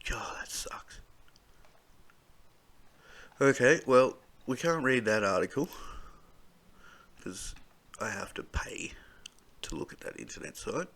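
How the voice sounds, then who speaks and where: A man's voice: mid-range voice, animated, slow, long pauses, fairly bright tone, in a whisper. An Australian man reading news stories aloud, breaking off into sweary, angry comments. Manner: swearing, angry outbursts between read lines.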